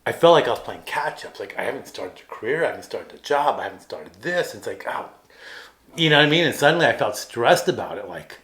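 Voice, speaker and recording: A man's voice: mid-range voice, sing-song, quick pace, hardly any pauses, fairly bright tone. A man in his thirties, co-hosting a podcast in casual chat, telling rambling, self-deprecating stories with plenty of fillers and restarts. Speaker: podcast co-host.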